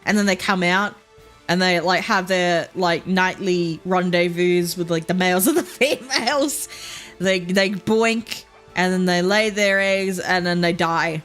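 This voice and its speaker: A woman's voice: lowish voice, a little slow, a bit bright. A young Australian woman chatting casually as a streamer while gaming, rambling, swearing freely and laughing often. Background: faint game music.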